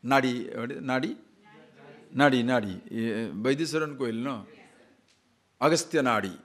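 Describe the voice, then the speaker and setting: A man's voice: medium pitch, normal speed. A man giving a spiritual discourse on scripture, asking rhetorical questions and wandering into stories. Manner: animated, rhetorical questions, digressive storytelling. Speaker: spiritual teacher.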